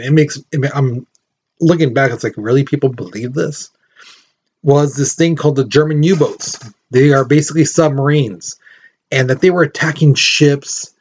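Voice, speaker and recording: A man's voice: mid-range voice, a little mellow, highs cut off. A man teaching a recorded history lesson in a casual, rambling way, with lots of fillers.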